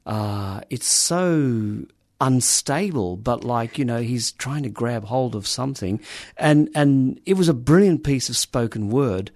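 A man's voice: medium pitch, lively intonation, unhurried, darkish tone, dry recording, studio quality. A man co-hosting a radio program, chatting casually and enthusiastically, with lots of hesitations and restarts. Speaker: radio co-host. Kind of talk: casual on-air chat.

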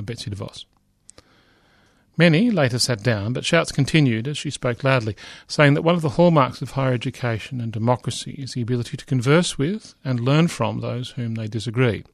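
Gravelly man reading with asides. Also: medium pitch, fairly quick, no echo, clean studio sound. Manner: reads aloud with frequent asides, fillers and restarts. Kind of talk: lecture reading and commenting on a news report.

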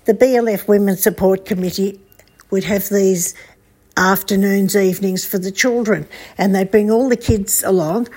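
An older woman with an Australian accent giving a spoken memorial tribute, telling stories warmly with a few hesitations. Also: medium pitch, steady tone, moderate pace, slightly rough. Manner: warm storytelling with hesitations.

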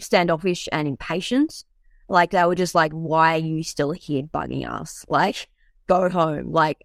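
Halting young woman, low-pitched. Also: dry recording, studio quality. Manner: halting, full of fillers and restarts. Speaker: guest sharing her illness story. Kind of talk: personal storytelling.

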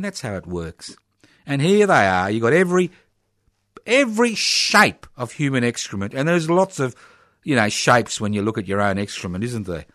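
Ranting sarcastic Australian radio host. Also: male voice, medium pitch, a bit bright, no echo, clean studio sound. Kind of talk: opinionated talk radio monologue.

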